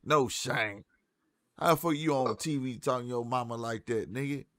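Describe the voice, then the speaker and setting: A man's voice: medium pitch, normal speed, fairly bright tone, no room sound. A man in his forties telling blunt, profane stories in casual podcast chat.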